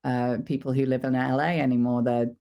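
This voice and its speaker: A woman's voice: a bass voice, level tone, a little fast, creaky, highs cut off. An English woman, a voice actress, chatting in an interview in a self-deprecating way and laughing easily. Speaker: voice actress guest. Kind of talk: casual interview chat.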